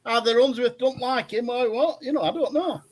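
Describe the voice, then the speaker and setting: This older male caller has a very high-pitched voice and a brisk pace, with a loud crowd audible. He rambles through long stories on a fan phone-in, hesitating often.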